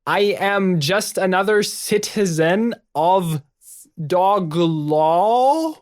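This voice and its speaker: A man voicing an awkward young woman who speaks stiffly, halting and overly formal, putting on a poor accent. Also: sits high, lively intonation, darkish tone, pitched above the performer's own voice, exaggerated voice.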